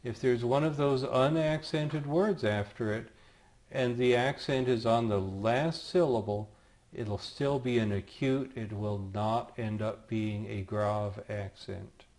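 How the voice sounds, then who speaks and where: Slow, patient male language teacher. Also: mid-range voice, a little mellow. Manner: self-deprecating asides. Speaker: Greek teacher. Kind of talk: recorded lecture.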